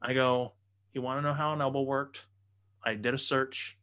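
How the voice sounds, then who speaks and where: A man spinning a story in loose podcast banter. He swears freely and keeps the energy up, jumping in and out of quoted voices. His pitch sits in the middle. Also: moderate pace, smooth. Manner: profane, animated storyteller. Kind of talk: casual chat, storytelling.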